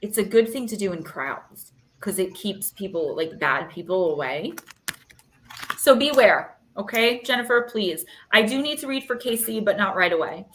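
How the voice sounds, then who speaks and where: A thirty-something woman reads cards intuitively on a live stream, her talk chatty, rambling, emotional and full of fillers, with the room echoing. She speaks at normal speed in an expressive, slightly bright mid-range voice, and there's a little hiss or hum.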